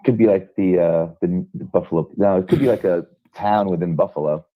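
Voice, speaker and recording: A man, a coach, chatting in a mellow, laid-back way as a guest on a podcast. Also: low-pitched, fairly quick, phone-quality sound. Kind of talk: casual chat.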